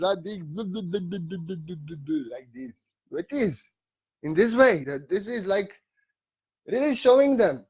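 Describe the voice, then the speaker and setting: Man playing a boastful Indian guru, put-on Indian English accent, high bouncy voice, muffled sound. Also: fairly bright tone. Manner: broken grammar, mock-boastful and joking.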